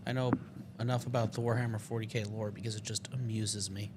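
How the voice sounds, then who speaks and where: A man co-hosting a casual podcast, explaining in a halting way with many restarts. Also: lowish voice, flat delivery, background noise. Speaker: podcast co-host. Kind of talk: casual chat.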